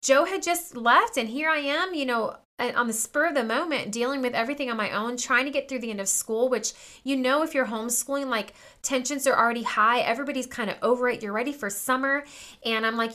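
A podcast host in her thirties chats casually to listeners, telling a personal story full of fillers and quoted dialogue. Her voice is a little high, animated, pushed and bright, at a normal speed.

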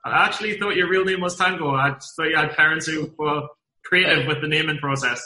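A man's voice: on the high side, steady tone, brisk, bright, forceful tone, echoey room, rough recording. A man hosting a podcast interview, loose and joking, swearing casually. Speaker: podcast host.

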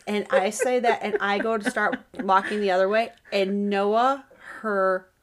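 Telling a story as a podcast co-host, this woman chats casually and animatedly, performing the quoted lines of the people involved. She speaks at a measured pace in a mid-range voice.

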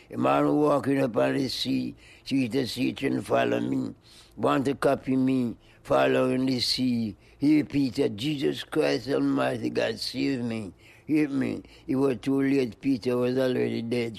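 In rhythmic, sing-song chanting, an older man, a music pioneer being interviewed, rolls out free-flowing poetry and wordplay, mixing in animal noises and laughs. His mid-range voice is steady, unhurried, and marked by vocal fry.

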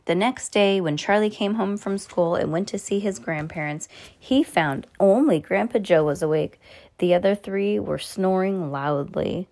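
A woman's voice: medium pitch, unhurried, darkish tone. A woman hosting a podcast, reading a children's book aloud with chatty, playful asides to a child. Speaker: podcast host reading to kids.

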